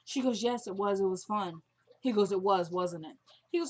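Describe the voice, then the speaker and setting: A woman's voice: medium pitch, brisk. A young woman casually recapping a TV drama episode, retelling scenes and quoting the characters in a chatty way.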